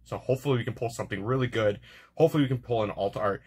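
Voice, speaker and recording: A man's voice: medium pitch, rapid-fire, a little mellow, breathy edge. A man hosting a card-opening video, chatting casually and stumbling over names as he goes. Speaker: card-opening channel host. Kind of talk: casual unboxing chat.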